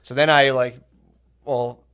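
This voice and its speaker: A man's voice: mid-range voice, flat delivery, slow, a bit bright, clear, resonant tone. A young adult man on a comedy podcast, telling crude stories and acting out the quoted lines. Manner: crude storytelling, acts out quotes. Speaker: podcast co-host. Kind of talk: casual comedic chat.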